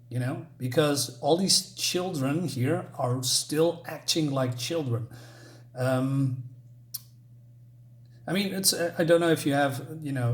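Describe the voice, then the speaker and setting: Brief: man with a mid-range voice, casual comic read-through, halting and musing. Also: mid-range voice, reverberant. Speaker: comic book reviewer.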